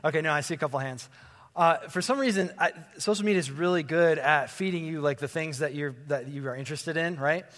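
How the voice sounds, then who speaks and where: A man's voice: on the high side, a little fast, a bit bright, long reverb tail. A man in his forties giving a conversational sermon as pastor, chatty and informal, asking the congregation questions. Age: 40s. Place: church sanctuary with congregation.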